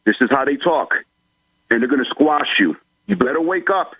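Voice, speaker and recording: A man's voice: fairly high pitch, animated, normal speed, slightly rough, no room sound. A male caller on a talk radio show, speaking in an urgent, plain-spoken, warning way. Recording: tinny phone line.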